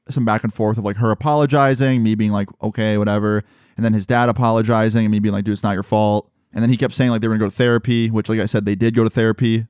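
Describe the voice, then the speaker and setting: Fast-talking young guy telling a story. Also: fairly low pitch, darkish tone, smooth, no room sound, studio quality. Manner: profane, rambling, retells dialogue in quotes. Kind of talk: casual storytime vlog.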